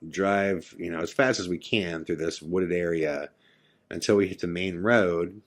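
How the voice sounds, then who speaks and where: A middle-aged man with a low, deep voice tells a personal story on his podcast. He talks loosely and conversationally, leaning on "you know" and "like" as he goes. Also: a little slow. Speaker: podcast host. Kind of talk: casual storytelling of a personal ghost experience.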